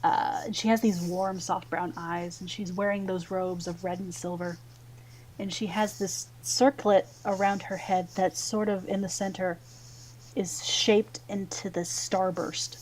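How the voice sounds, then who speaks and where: A woman narrating a tabletop fantasy game as game master, relaxed with many fillers. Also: on the low side, measured pace, slight background noise, low-quality recording.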